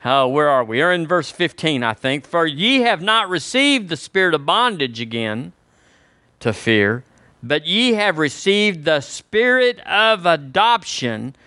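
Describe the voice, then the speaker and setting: A man's voice: a little high, big pitch swings, a little slow, sharp tone, no room sound, studio quality. An older man, preaching a sermon to his congregation in a folksy, conversational way. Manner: folksy, conversational preaching with y'all and homespun examples. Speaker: pastor.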